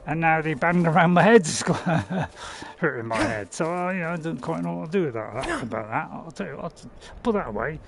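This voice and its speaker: Man, playful game commentary, rambling with fillers, gravelly voice, bouncy pitch. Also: animated, moderate pace, few pauses. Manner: chatty and playful, rambling with fillers and self-mocking laughs. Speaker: game streamer. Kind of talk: casual gameplay commentary.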